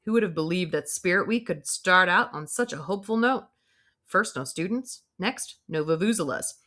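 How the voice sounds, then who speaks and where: A woman's voice: lowish voice, animated, moderate pace, sharp tone. Woman reading a wry first-person audiobook. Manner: wry, dry storytelling. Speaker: audiobook reader.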